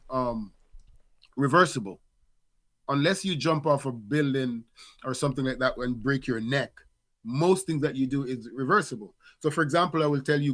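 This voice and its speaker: A man's voice: mid-range voice, fairly bright tone. A middle-aged man and father co-hosting a podcast, talking in a reflective, casual way with many restarts and fillers. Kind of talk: casual conversation.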